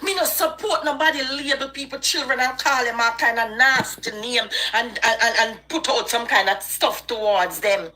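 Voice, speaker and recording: A woman's voice: fairly high pitch, moderate pace, few pauses, sharp tone. A woman with a Jamaican accent, hosting a live stream and delivering a passionate, preachy rant. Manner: emphatic and preachy. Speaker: online live-stream host.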